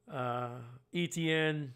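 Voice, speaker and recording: A man calling a game live for his stream, slightly higher-pitched than most men. He talks casually, laughs at himself, and lifts his voice when a big play happens. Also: fairly bright tone, clear, resonant tone.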